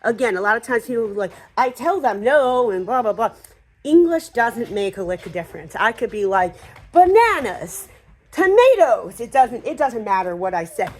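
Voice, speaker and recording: A woman dog trainer talking casually through a hands-on training demonstration, with fillers and quick asides to the dog. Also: medium pitch, animated.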